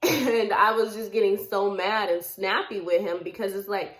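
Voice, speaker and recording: Young woman telling a lively story in an echoey room. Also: fairly high pitch, moderate pace. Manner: animated, laughs often while telling, acts out quoted lines. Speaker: vlogger. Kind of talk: casual storytelling.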